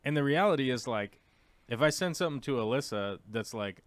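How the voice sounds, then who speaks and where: A man hosting a casual live talk show, rambling and animated with mocking asides. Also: mid-range voice, brisk, dry recording. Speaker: podcast host.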